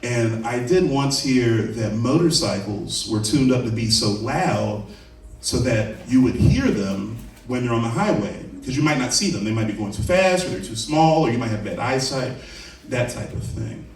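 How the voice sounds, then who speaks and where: A man's voice: mid-range voice, animated, moderate pace. A man doing a stand-up comedy set as a comedian and trivia host, rambling, profane and self-deprecating, working the crowd. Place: comedy venue with a live audience. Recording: roomy venue mic from a distance, crowd noise. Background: audience laughter.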